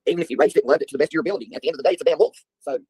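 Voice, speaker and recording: A man's voice: a little high, rapid-fire, darkish tone, breathy edge, dry recording, poor audio. A middle-aged man, hosting a livestream and chatting with viewers in a rambling, folksy way. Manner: rambling, folksy storytelling with filler ums. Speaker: livestream host. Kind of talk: casual chat answering viewers.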